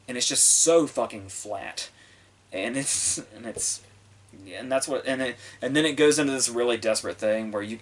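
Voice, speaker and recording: A man reviewing a film on his podcast in a rambling, casual way, swearing often and restarting sentences. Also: medium pitch. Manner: rambling, profane, full of fillers and restarts. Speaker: movie review podcast host.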